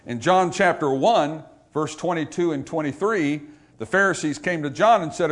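Impassioned preacher man, higher voice. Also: normal speed. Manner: preaching with big swings between loud high exhortation and quiet low asides; talks to the congregation with questions and calls. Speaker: pastor. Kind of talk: sermon. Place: church.

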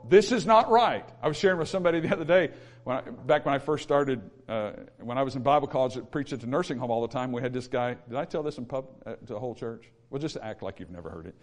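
A male pastor preaching a sermon in an emphatic, repetitive way, with humorous asides. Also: mid-range voice.

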